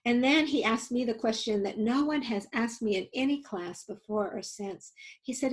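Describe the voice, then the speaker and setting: Older woman, squeaky high voice, halting storytelling, webinar presenter, video call. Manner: halting, with many fillers and restarts. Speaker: workshop leader and webinar presenter.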